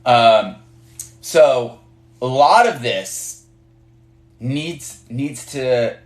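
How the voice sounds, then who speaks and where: A man's voice: mid-range voice, lively intonation, extremely slow. Man coaching managers in a roomy live stream. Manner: conversational, many fillers and restarts, acts out dialogue. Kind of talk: casual live-stream teaching. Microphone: phone on a live stream. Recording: roomy echo.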